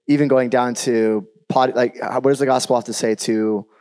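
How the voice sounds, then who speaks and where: A man co-presenting on a church panel, quickly and amiably setting up his partner's story. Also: mid-range voice, steady tone, darkish tone. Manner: quick, friendly interjecting. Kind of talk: casual panel talk.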